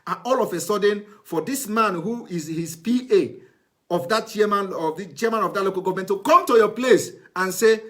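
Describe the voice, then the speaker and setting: A man's voice: sits high, normal speed. A man giving heated political commentary, scornful, repeating phrases and firing rhetorical questions at his viewers. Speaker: online show host commenting on a TV clip.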